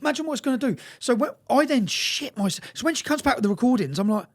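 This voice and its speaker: Fast, gravelly man telling a story. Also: very high voice, lively intonation. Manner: emphatic and profane, keeps checking in with "yeah?". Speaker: interview guest. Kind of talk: candid storytelling in an interview.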